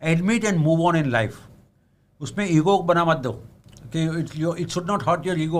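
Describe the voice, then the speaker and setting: A man's voice: on the high side, fast talker. A man with an Indian accent giving an earnest talk on investing, mixing English and Hindi and often asking "am I right?". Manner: switches between English and Hindi. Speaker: investment speaker.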